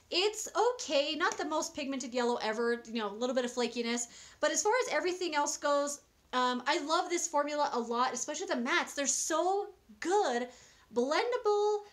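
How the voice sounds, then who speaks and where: A young woman with a high, light voice chats through a casual product review. She sounds enthusiastic and a little rambling, often restarting her sentences and adding fillers. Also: a bit bright. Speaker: beauty vlogger.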